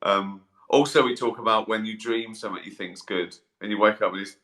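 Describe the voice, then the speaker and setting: A middle-aged man rambles through fan questions on a live stream. He swears casually and pokes fun at himself, and his voice is bright and forward. The sound bounces around an echoey room. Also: fairly low pitch, fairly even intonation, fairly quick. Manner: rambling, self-mocking, swears freely, laughs at himself. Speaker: comedian answering fan questions. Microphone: webcam or phone mic.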